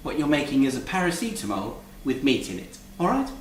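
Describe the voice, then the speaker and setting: A man's voice: mid-range voice, big pitch swings, fairly quick, natural voice. Man playing a posh bossy lady cook. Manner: prim, tart, fussy asides ending in "dear". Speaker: cooking show co-host. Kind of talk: comic cooking show in drag. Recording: roomy distant kitchen recording, faint noise.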